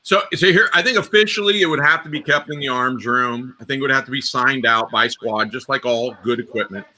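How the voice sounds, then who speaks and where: A middle-aged man hosting a live stream, telling rambling war stories in a casual, animated way with sudden loud bursts. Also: mid-range voice, a little fast. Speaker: host.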